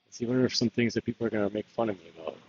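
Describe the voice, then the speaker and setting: A man's voice: fairly low pitch, very fast, slightly rough, lo-fi sound. A man talking candidly in a rambling confessional monologue, laughing often and drifting between topics. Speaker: political candidate.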